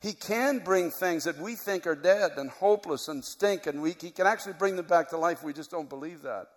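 Man pastor, sermon, fairly high voice, long church reverb. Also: a little fast. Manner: builds from quiet, reflective teaching to loud, high-pitched preaching.

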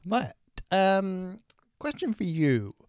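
Lively, laughing man hosting a quiz. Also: sits high, slow, dry recording, clean studio sound. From England. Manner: playful, laughs often, animated. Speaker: podcast co-host running a quiz. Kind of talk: casual banter.

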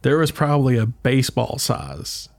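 A man's voice: medium pitch, moderate pace, gravelly. A man hosting a podcast, telling a story in casual chat and chuckling as he talks. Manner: animated storyteller, chuckles while talking. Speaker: podcast host.

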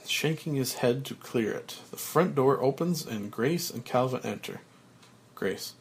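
A man reading a screenplay aloud, voicing stage directions in an unhurried way. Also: mid-range voice, creaky, husky. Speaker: script reader.

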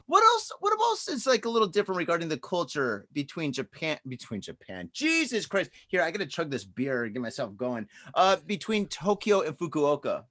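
A man's voice: a little high, huge pitch swings, fairly quick, few pauses, fairly bright tone. A man co-hosting a podcast, chatting casually and joking with a lot of profanity. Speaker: podcast co-host. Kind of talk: casual chat. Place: Japan.

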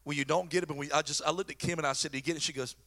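A middle-aged pastor delivers a sermon very fast, his voice sitting high for a man with a bright, forceful edge. He's folksy and animated, telling stories and cracking jokes.

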